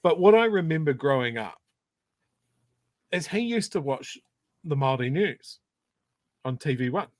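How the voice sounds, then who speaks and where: A man from South Canterbury with a New Zealand accent, co-hosting a podcast and telling stories in a conversational, animated way. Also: on the high side, measured pace, pauses often, no echo. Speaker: podcast co-host. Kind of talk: casual chat.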